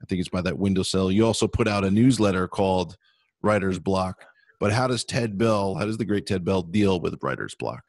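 A man co-hosting an interview show, asking rambling, playful questions with halting restarts. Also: deep voice. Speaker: podcast co-host. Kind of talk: casual interview chat.

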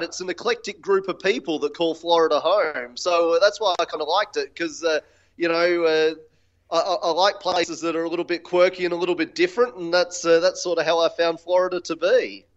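Halting man on a dull lo-fi line. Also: fairly high pitch. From Australia. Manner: halting, many fillers and restarts. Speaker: guest. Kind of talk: casual interview chat.

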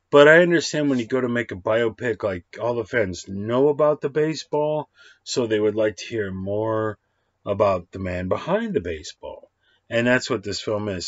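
A man's voice: lowish voice, no room sound. Rambling man reviewing a film. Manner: rambling, excitable, swears, lots of fillers. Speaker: movie reviewer. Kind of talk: casual spoken film review. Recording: dull lo-fi dry sound.

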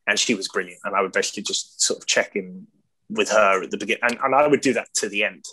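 An Englishman in his thirties, with an English accent, guests on a casual chat, laughing often and talking about himself self-deprecatingly. His voice is lowish, husky, bright and forceful, and he speaks quickly.

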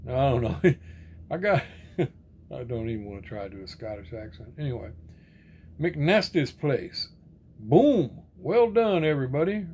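A man's voice: on the high side, darkish tone, slight background noise. A man chatting casually as he reads out viewer comments, rambling and answering each with friendly sign-offs. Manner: laid-back, rambling, reads comment names then answers; repeats friendly sign-offs like "right on, brother". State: sore arm and shoulder. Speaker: diecast collector reading viewer comments. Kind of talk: casual chat.

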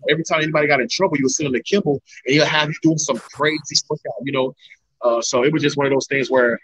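Young male fighter guest, quick animated storyteller, slightly high voice. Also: low-quality recording. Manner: animated storyteller, acts out his coaches' lines. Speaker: MMA heavyweight fighter, guest. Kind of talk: casual storytelling interview.

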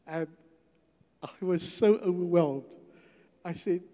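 A man's voice: high voice, takes it slowly, long pauses, a little mellow. An older man giving a testimony sermon as a guest speaker in a church, telling his story and acting out the dialogue. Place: church hall. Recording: long hall reverb.

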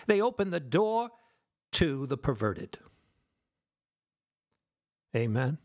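Slow gravelly man preaching a fervent sermon. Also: medium pitch, sing-song. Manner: fervent preaching, swings between loud and hushed; asks the audience rhetorical questions.

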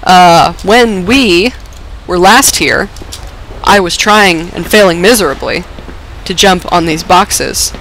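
A woman commenting on her gameplay, her voice lowered and rough from being sick with a dry cough; excitable, swearing and laughing at herself. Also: slow, a little hiss or hum, rough recording. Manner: excitable, swears and laughs often, self-mocking. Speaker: let's play gamer.

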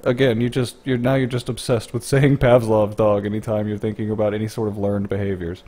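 A man with a fairly low voice talks over a video, sarcastic and blunt, swearing freely. He mocks what he hears with dry scorn. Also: level tone, a little fast, dark tone. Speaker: commentator. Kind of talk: sarcastic commentary.

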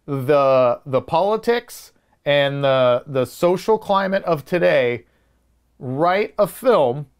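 A man's voice: a little high, clean tone. A man co-hosting a casual movie review podcast, arguing his points emphatically and restarting sentences as he builds them. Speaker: podcast co-host.

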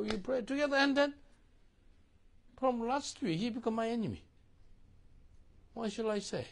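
Man, pastor, husky voice, lively rising and falling pitch, call-and-response sermon. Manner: animated, call-and-response preaching in non-native English.

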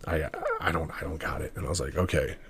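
His pitch is extremely low, yet the tone is steady, a bit bright and edged with breathiness, and he speaks at a quick pace. The young man, in his twenties, is a podcast guest telling a meandering story, correcting himself and quoting others' lines in dialogue.

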